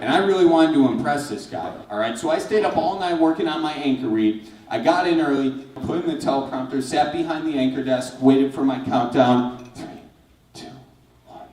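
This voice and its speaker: Wisconsin comedian telling a stand-up story. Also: male voice, mid-range voice, fairly quick. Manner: animated storytelling, sudden loud bursts. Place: large theater before a live audience. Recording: roomy live venue, mic at a distance.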